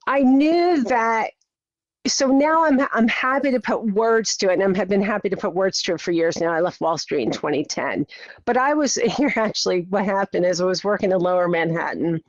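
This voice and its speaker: At a moderate pace and medium pitch, a middle-aged woman recounts her story energetically as a podcast guest, voicing her own thoughts aloud. There's no echo, but the recording sounds slightly dull and muffled.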